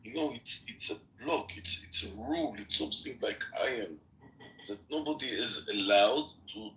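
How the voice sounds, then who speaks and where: A man hosting a live online audio room, talking in a halting way with restarts and odd phrasing. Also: medium pitch, bright, forceful tone, roomy sound, distant mic, poor audio. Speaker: room host.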